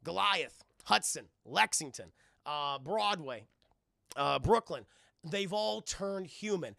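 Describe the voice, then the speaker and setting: Gravelly, high-voiced male streamer. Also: slow pace, dry recording, studio quality. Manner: rambling, profane, animated, addresses the chat. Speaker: cartoon reviewer and streamer. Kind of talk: casual profane recap to a live chat.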